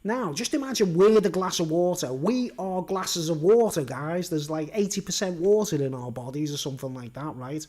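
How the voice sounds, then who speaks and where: A man's voice: on the high side, normal speed, few pauses, a little mellow. A man talking to camera in a rambling monologue, full of tag questions like "right?" and "you know what I mean?". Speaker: vlogger.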